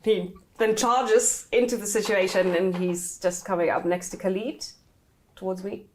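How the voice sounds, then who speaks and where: A woman narrating a tabletop game as game master, animated and laughing often, sometimes restarting words. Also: medium pitch, normal speed, slight background noise.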